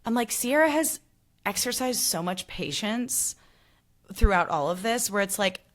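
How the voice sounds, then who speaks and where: A woman hosting a podcast, chatting casually about a reality show, full of "like" fillers and quick impressions of people. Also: mid-range voice. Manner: animated, lots of "like" fillers, mimics people. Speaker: podcast host. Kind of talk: casual chat.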